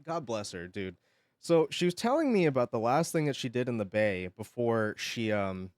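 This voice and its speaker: Animated male streamer chatting casually. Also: mid-range voice, no room sound, clean studio sound. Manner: animated storytelling, swears freely, laughs often. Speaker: livestreamer.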